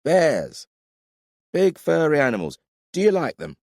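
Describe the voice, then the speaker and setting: A man voicing a drunk, lovestruck young male warrior who talks in a slow, earnest drawl. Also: medium pitch, wildly swooping pitch, darkish tone, dry recording, studio quality, pitched above the performer's own voice.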